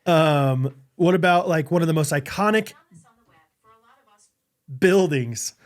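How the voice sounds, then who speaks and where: A man's voice: fairly high pitch, slow pace. A man co-hosting a podcast, running a casual quiz with lots of laughter and hesitant filler words. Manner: giggly, hesitant, lots of ums. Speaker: podcast co-host.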